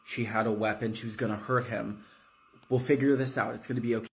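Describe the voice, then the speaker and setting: A man voicing a calm male police partner who speaks in a steady, reassuring way. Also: medium pitch, fast, lightly acted.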